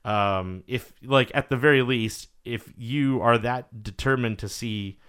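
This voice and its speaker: Hombre animado que cuenta anécdotas. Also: male voice, mid-range voice, measured pace, clean tone. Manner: animated storyteller, swears freely, acts out quotes. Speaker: podcast host. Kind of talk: casual chat.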